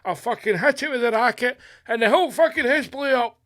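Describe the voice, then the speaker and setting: A man voicing a panicky, foul-mouthed old man who shouts and blames a fly for everything. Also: very high-pitched, brisk, voice pushed up. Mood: frantic. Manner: shouty, paranoid, sweary.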